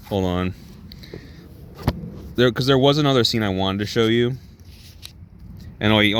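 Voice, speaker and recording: A man's voice: low-pitched, a bit bright, a little hiss or hum. A man casually reviewing a comic book, rambling with many restarts and some swearing. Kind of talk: casual review while reading aloud.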